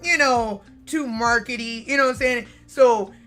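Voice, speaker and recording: A woman vlogger telling a story in a casual, animated and profane way, full of fillers. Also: fairly high pitch, normal speed, faint music behind. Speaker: card-collecting vlogger.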